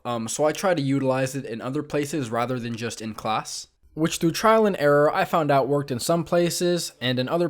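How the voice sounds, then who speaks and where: A young man and vlogger telling a comic story about his past in a casual, self-mocking way, with frequent ums and uhs. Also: medium pitch. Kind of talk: comedic storytime narration.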